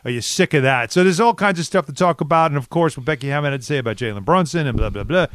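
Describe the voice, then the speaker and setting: A man hosting a sports radio show in casual, animated banter, with a New York accent. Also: on the high side, dry recording, studio quality. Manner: animated, quick banter with co-hosts. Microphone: studio microphone.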